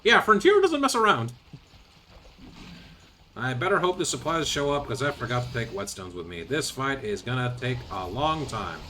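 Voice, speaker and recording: A man's voice: medium pitch, expressive, a little fast, hardly any pauses, a bit bright, a little hiss or hum. A man streaming a video game, commenting casually with sarcastic grumbles and mild swearing.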